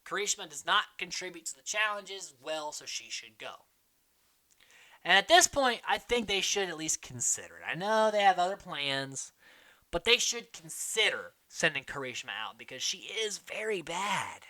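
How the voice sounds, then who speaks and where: A podcast host in casual chat, rambling and excitable, packing the talk with fillers. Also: mid-range voice, moderate pace. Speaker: podcast host recapping a reality show.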